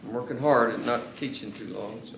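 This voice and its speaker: Earnest male pastor mid-sermon, drawn-out emphasis; reverberant church sound. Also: medium pitch, creaky, background noise. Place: church sanctuary. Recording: echoey church room.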